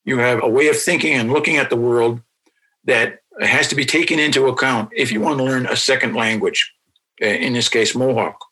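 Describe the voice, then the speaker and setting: A man who teaches a language, answering interview questions in a patient, explanatory way and repeating example words slowly. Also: mid-range voice, steady tone, sharp tone, husky, rough recording.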